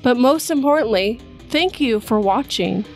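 Woman narrating horror, measured and dramatic. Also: a little high, expressive, soft background music. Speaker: horror story narrator and channel host.

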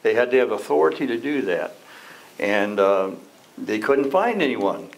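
A man's voice: lowish voice, big pitch swings, moderate pace, rough recording. A man teaching an adult Sunday school class, reading scripture and asking the class questions in a conversational way. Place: church classroom.

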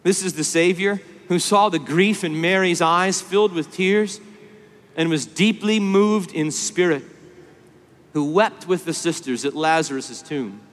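High-voiced male preacher, impassioned sermon, long hall reverb. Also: unhurried. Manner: impassioned, rising from hushed tenderness to loud emphasis.

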